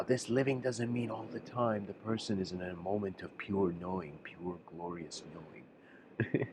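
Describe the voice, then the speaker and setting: A man giving a livestreamed spiritual lecture, musing and halting, often restarting his sentences. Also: low-pitched, noisy background.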